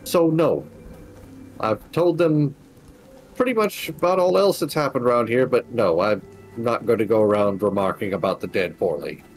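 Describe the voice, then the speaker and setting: A brash young nobleman snaps back, his voice pitched well above a man's usual register, as a man puts him on. He is blunt and defensive in a tabletop role-play. Soft music plays quietly behind. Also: lively intonation, moderate pace, natural voice, rough recording. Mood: indignant.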